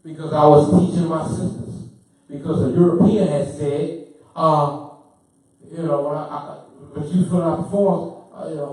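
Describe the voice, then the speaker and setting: A man lectures with fervent, preaching insistence and hammers his points through repetition. His voice sits high and mellow. He is heard from well off the mic in a very echoey room. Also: steady tone, moderate pace. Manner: fervent, preaching, repeats himself, gets loud then apologizes. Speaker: speaker. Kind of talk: impassioned lecture. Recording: roomy, from far off the mic.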